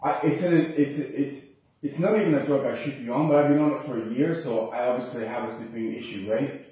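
Man from Canada, agitated, rambling, restarts, dark mellow tone, distant mic. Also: mid-range voice, a little fast. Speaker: patient. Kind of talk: distressed complaint to a doctor. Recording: echoey room, far from the mic.

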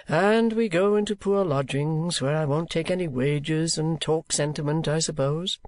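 A man voicing an anxious, eager male actor who sounds high and pleading. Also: moderate pace, darkish tone, close to an everyday voice.

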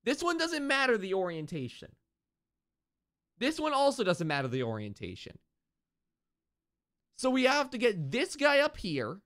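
A man streaming a video game live, thinking out loud and repeating himself, with sudden excited outbursts. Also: extremely high pitch, measured pace, pauses often. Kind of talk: live gameplay commentary.

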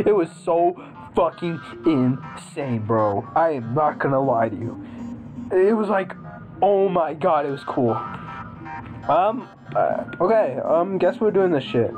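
A woman's voice: lowish voice, animated, unhurried, darkish tone. Giggly, foul-mouthed woman gamer. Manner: profane, giggly, rambling and playful. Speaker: gaming commentator. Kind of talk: casual let's-play commentary. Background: game music.

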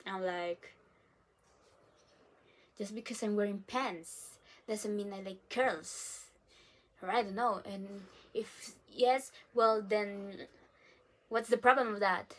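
Slow-talking animated young woman vlogger. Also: medium pitch. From Philippines. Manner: animated, self-described dramatic, lots of fillers and laughs. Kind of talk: casual storytelling to camera.

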